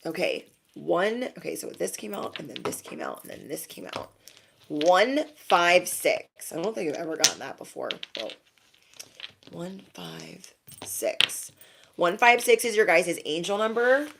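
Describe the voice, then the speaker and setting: A woman's voice: on the low side, big pitch swings, measured pace, vocal fry, noisy background. A young woman doing a casual spiritual card reading, chatty and laughing often as she talks to her viewers. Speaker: tarot reader.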